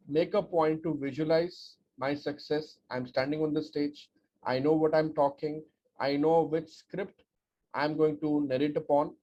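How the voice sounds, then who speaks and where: Speech coach guy on a webinar, kinda high voice, punchy and repetitive, dull lo-fi audio. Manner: energetic, emphatic, rhetorical repetition. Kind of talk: webinar presentation. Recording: dull lo-fi audio with faint noise.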